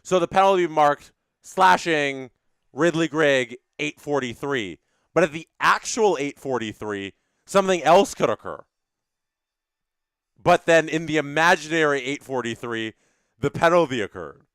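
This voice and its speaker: A man with a slightly high, smooth, resonant voice hosts a live stream, reading out viewer chats and ranting with strong opinions. He often repeats himself for emphasis. The sound is dry and close. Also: expressive, measured pace, fairly bright tone, dry recording.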